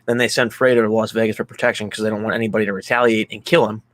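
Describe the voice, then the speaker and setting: A man's voice: fairly low pitch, level tone, rapid-fire, fairly bright tone, no room sound. A young man co-hosting a casual movie podcast, retelling the plot in a rambling way, full of "like" and acted-out quotes. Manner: rambling, heavy use of "like", acts out quotes. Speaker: podcast co-host. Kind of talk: casual movie recap chat.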